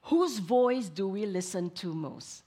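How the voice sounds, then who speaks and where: A woman who is a counselor, preaching a sermon in an expressive way, moving between emphatic lines and hushed asides. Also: medium pitch, slow pace.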